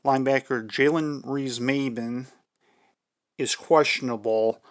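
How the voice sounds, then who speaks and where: A man hosting his own sports channel, going through team injury reports in a measured tone and often hedging with "I believe". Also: mid-range voice, steady tone, no room sound, studio quality. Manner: measured, repeats "I believe" and "for sure". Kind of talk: football injury preview commentary.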